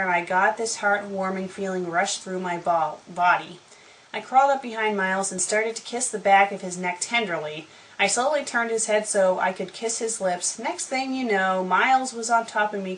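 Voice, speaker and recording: A woman's voice: mid-range voice, low-quality recording. A woman doing a comedic dramatic reading of fanfiction, breaking in with sarcastic, profane commentary. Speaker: fanfiction critic.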